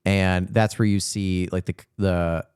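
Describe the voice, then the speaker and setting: Low-voiced man recapping a film, chatty. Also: steady tone, unhurried, a little mellow, clear, resonant tone, no echo, studio quality. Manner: retells scenes with many "like" fillers. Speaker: podcast co-host. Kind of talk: casual film recap chat.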